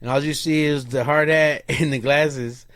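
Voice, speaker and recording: A man's voice: on the high side, moderate pace, no echo. A man co-hosting a casual podcast, telling stories with slang and acting out what people said. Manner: animated storyteller, acts out quotes, slangy. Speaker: podcast co-host. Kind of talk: casual storytelling chat.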